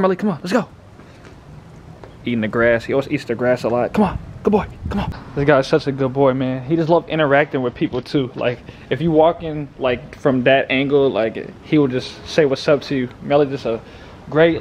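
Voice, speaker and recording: A man casually vlogging outdoors on a handheld phone, chatty and laughing often, slipping into high coaxing baby talk with his dog. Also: a little fast, darkish tone, a little hiss or hum. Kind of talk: casual vlog narration. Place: outdoors in a city park and streets.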